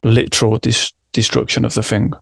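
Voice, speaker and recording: A man presenting a prepared film analysis in a measured, reflective way. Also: medium pitch, little pitch movement, vocal fry, no echo.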